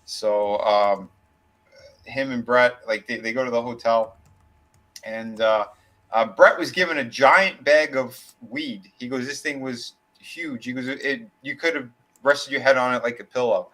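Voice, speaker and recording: A man's voice: medium pitch, measured pace, fairly bright tone, poor audio. A man co-hosting a casual wrestling podcast, telling a long story in a rambling way, with many fillers and restarts and casual swearing. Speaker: podcast co-host.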